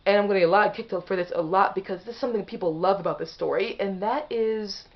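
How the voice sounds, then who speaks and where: A woman's voice: medium pitch, fast talker. A woman talking straight to camera in a casual opinion vlog, rambling and often restarting her sentences. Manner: rambling, restarts and self-corrections. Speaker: vlogger. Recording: slightly dull lo-fi audio.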